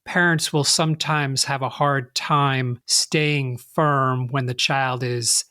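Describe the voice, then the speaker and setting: A man co-hosting a podcast, asking long questions in a slow, measured way. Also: mid-range voice, fairly even intonation, pushed and bright, no room sound, studio quality. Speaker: podcast co-host, interviewer. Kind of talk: interview questions.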